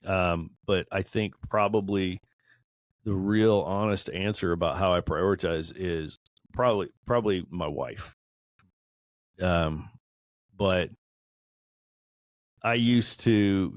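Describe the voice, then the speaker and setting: A man's voice: low-pitched, dry recording, clean studio sound. A man in his forties sharing his own story in a candid group discussion, earnest and self-deprecating, laughing now and then. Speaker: podcast panelist.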